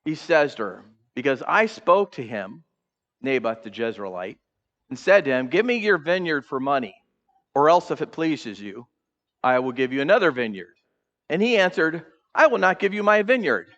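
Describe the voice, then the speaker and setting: A male pastor preaching a sermon, animated, acting out the characters' voices and putting questions to the congregation in a church. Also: a little high, normal speed, muffled recording. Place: church sanctuary.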